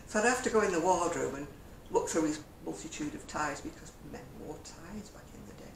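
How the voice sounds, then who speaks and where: A woman's voice: deep voice, a little fast, creaky. An older woman chatting in a vlog, telling stories and chuckling often. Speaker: crochet vlogger. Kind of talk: casual chat. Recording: echoey room with faint hum.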